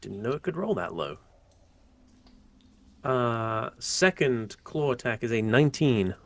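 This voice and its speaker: Gravelly-voiced man running a tabletop game. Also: medium pitch, measured pace. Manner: relaxed, many fillers and restarts. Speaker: game master.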